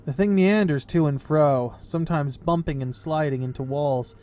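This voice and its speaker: A man's voice: on the high side, normal speed, mellow. Man reading game text aloud. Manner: reads text out steadily, then breaks off into casual comments. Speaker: game player and narrator.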